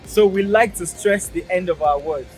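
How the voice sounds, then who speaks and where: A man's voice: high-pitched, normal speed, soft background music. A man with a Nigerian accent, hosting a casual outdoor language lesson, upbeat and emphatic, patiently repeating phrases. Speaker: pidgin teacher, channel host. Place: outdoors beside a busy road.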